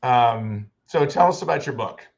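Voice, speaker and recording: A man's voice: mid-range voice, lively intonation, a little slow, creaky. A man from the United States hosting an interview over a video call, rambling with many restarts. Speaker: podcast host. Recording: dull lo-fi sound.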